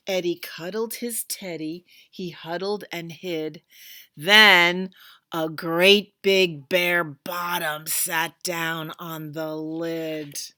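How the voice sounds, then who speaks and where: Bright-voiced woman reading to children. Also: lowish voice, very slow, dry recording. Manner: lively, expressive storyteller. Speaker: children's librarian. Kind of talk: storytime read-aloud.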